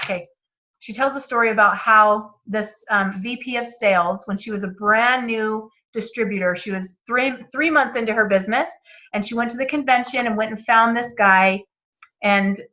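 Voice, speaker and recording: A woman's voice: medium pitch, bright, forceful tone, muffled recording. A woman hosting a book club, reading passages aloud and commenting with enthusiastic, motivational energy.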